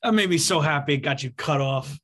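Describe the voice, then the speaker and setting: Young dude teasing his buddy on a podcast, sarcastic, laughs a lot, voice a bit high. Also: a little fast, fairly bright tone. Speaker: podcast co-host. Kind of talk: casual podcast banter.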